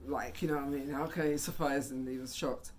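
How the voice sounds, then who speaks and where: A man vlogging a casual storytime monologue, animated, getting loud and high at tense moments. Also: a little fast, very noisy.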